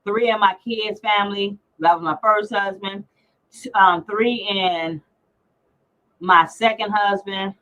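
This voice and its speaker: A woman's voice: mid-range voice, fairly even intonation, takes it slowly, a bit bright, muffled recording. A middle-aged woman hosting a casual livestream chat, teasing and brash as she reads out comments. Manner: brash, teasing, salty language. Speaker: livestream host.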